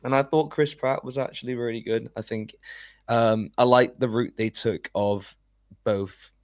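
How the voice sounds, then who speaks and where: A man co-hosting a casual podcast chat, relaxed and a little hesitant. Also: medium pitch, a little slow, no echo. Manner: relaxed, hesitant with fillers and restarts. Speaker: podcast co-host.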